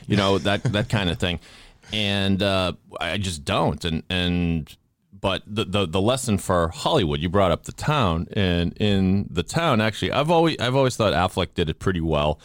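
Deep-voiced man in his fifties, podcast host, jokey rambler, dry close mic. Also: expressive, moderate pace, dry recording. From Boston area. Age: 50s. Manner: rambling, self-deprecating, jokey with restarts. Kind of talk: casual interview chat.

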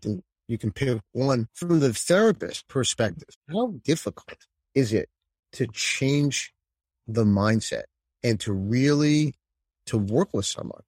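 A man hosting an interview, asking long, measured follow-up questions. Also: medium pitch, lively intonation, darkish tone, slightly rough, dry recording. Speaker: podcast host.

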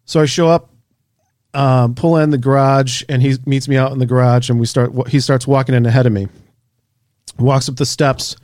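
A man, an author and researcher, telling a story in a casual interview, animated and casually swearing. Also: medium pitch, moderate pace, no room sound, studio quality.

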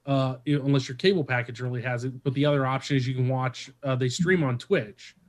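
A man of middling pitch hosts a casual podcast conversation. He rambles along with plenty of ums and uhs, then picks up energy when he gets excited. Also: fairly quick. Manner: rambling, many fillers, lively when excited. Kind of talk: casual chat.

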